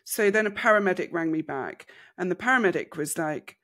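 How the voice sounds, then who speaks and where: A woman's voice: lowish voice, brisk. British woman telling a personal story. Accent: British English. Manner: animated, laughs through hard memories. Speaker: podcast co-host.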